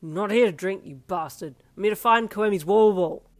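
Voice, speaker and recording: A woman's voice: on the low side, moderate pace, a little mellow, no echo. A woman voicing a stressed young father who snaps with clipped irritation at the people around him. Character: stressed young dad, gruff and short-tempered.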